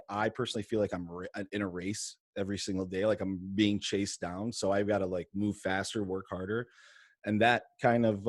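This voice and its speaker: Low-voiced man, loose casual chat. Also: darkish tone, no room sound, clean studio sound. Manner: quick and loose, lots of fillers and restarts. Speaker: mortgage lender and podcast host. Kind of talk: casual interview on a livestream. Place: home podcast studio. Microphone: video call.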